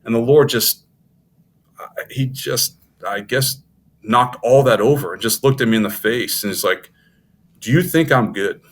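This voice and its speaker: A man's voice: mid-range voice, moderate pace. A middle-aged man sharing an earnest faith testimony as a podcast guest, talking with frequent restarts. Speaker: podcast guest, former Navy SEAL officer.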